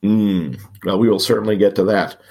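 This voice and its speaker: Raspy man with a cold. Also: fairly low pitch, moderate pace, darkish tone. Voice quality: raspy, gravelly. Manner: wry, self-mocking asides. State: has a cold. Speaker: podcast co-host. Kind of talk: casual podcast chat.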